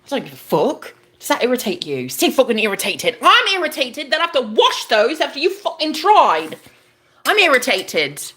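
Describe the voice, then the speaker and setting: Cursing freely, a young vlogger chats in a rambling, casual way with a bright, forceful tone. She often bursts into high, exclaiming rants.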